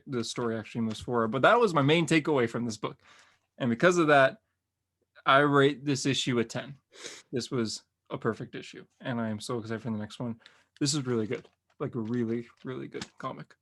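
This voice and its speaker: A male podcast host talking through a comic review in an easygoing, rambling way. His pitch sits right in the middle of the male range, and he piles on filler words as his enthusiasm builds. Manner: rambling and excited, many "like" fillers. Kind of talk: casual comic book review chat.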